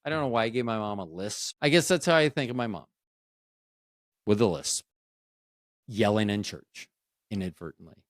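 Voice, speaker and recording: A man's voice: medium pitch, lively intonation, a little slow, pauses often, clear, resonant tone, dry recording. Guy rambling thru a funny story on his podcast, voice bouncing up and down, dry close mic. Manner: rambling, jokey, self-interrupting with "anywho, anyhow, anyway". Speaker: podcast host. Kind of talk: casual solo podcast storytelling.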